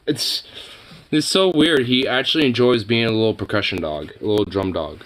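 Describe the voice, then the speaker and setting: A man's voice: medium pitch, animated, brisk, a bit bright, slight background noise. A young man vlogging casually, talking to his dog in cooing baby talk and swearing offhandedly.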